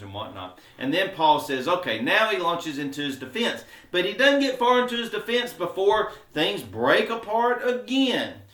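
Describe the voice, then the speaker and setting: In a church classroom with roomy echo, a man leads a conversational Bible study in a high, sing-song, sharp voice at normal speed with hardly any pauses. He explains things informally with fillers and acts out quotes sarcastically.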